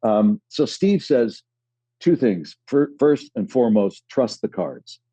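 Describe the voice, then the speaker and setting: Mellow, husky man telling a story. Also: mid-range voice, no echo. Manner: animated, halting storytelling with restarts. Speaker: guest, actor. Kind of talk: podcast conversation, storytelling.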